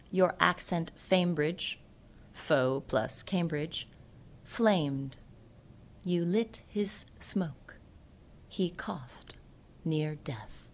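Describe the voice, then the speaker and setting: A woman reading her poems aloud in a slow, hushed delivery that often sinks into a whisper. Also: lowish voice. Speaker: poet. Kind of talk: poetry reading.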